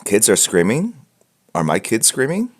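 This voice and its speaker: Wearing headphones in a home room with piles of comic books, a man hosts a live art critique stream full of casual chat, jokes, fillers and restarts. His lowish voice swings hugely in pitch at a normal speed.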